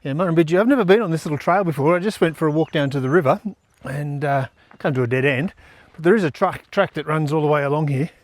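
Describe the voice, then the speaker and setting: A man's voice: a little high, fast, hardly any pauses. An Australian man vlogging casually on a riverside trail, chatting in an easygoing, rambling way with lots of fillers while he walks. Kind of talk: casual outdoor vlog chat.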